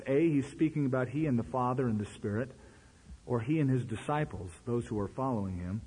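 A man preaching a sermon in a conversational, animated way. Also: a little fast, slightly rough. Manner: animated, conversational preaching with sudden pitch jumps. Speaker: pastor. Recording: long hall reverb.

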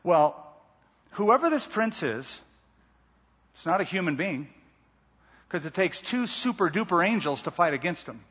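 A man preaching a sermon, reading scripture and breaking off into lively, conversational asides. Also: high voice, unhurried, long pauses, breathy edge. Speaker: pastor. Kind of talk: expository sermon. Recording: dull lo-fi sound with long hall reverb.

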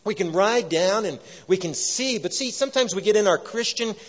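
A man's voice: high voice, lively intonation, normal speed, in a large hall, lo-fi sound. A man preaching a sermon as a pastor, earnest and emphatic, repeating his key phrases.

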